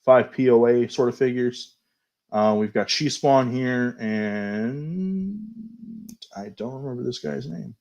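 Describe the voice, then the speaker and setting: A man hosting a toy show, casually going over new action figures, chatty and unhurried, often hedging and fumbling for names. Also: mid-range voice, vocal fry, darkish tone, muffled recording. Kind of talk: casual toy news review.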